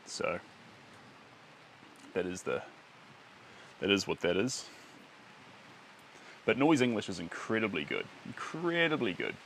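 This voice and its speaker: A man, his voice sitting a little low, chats loosely with his viewers as he works, wandering from thought to thought. He sounds playful and easygoing, often breaking into a chuckle. He is talking from outdoors under a shelter by a lake. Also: very animated, slow pace, gravelly, long pauses, a little hiss or hum. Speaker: artist streaming live. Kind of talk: casual chat with viewers.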